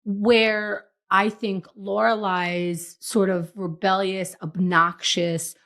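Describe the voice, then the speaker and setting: A woman co-hosting a TV rewatch podcast, chatting casually and telling animated stories, often slipping into quoted voices. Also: mid-range voice, slow. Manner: animated, storytelling with acted quotes. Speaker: podcast co-host. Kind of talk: casual chat.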